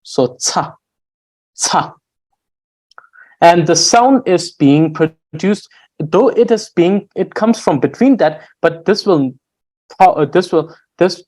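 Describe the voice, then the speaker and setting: A man's voice: a little high, darkish tone, low-quality recording. A man teaching a recorded grammar lesson, explaining patiently with frequent fillers and restarts. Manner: slow, patient explaining with fillers and restarts, drawing out example words. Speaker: language teacher.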